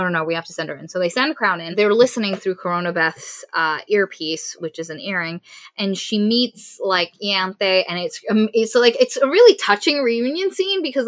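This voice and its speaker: A woman casually recapping a novel's plot as a podcast co-host, animated and acting out the characters' lines. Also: fairly low pitch, dry recording. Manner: animated retelling with quoted voices. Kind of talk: casual chat.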